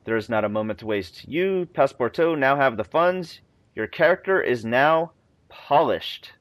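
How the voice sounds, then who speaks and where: A man voicing a calm, brisk English gentleman adventurer, reading his lines crisply from a video game. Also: medium pitch, lo-fi sound, lightly acted. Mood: calm commanding.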